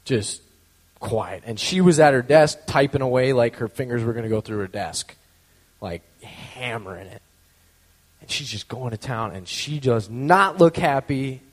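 A man's voice: mid-range voice, unhurried, big-room sound. A man telling a personal story in a casual, conversational way, full of fillers and acted-out quotes. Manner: acts out quoted voices.

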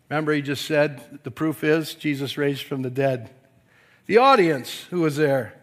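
A pastor preaching a sermon, swinging from quiet, low passages to forceful yelling. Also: male voice, very animated, normal speed.

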